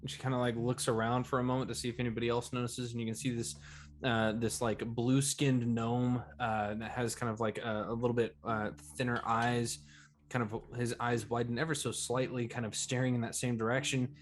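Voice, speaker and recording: A man's voice: mid-range voice, flat delivery, brisk. A man narrating a tabletop game as game master, in loose, filler-heavy speech.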